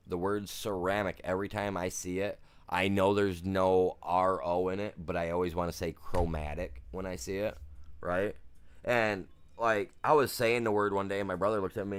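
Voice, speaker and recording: A man's voice: deep voice, steady tone, moderate pace, clean tone. A man streaming a farming game, chatting casually in a laid-back, rambling, slangy way. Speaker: gaming streamer. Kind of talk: casual chat while gaming.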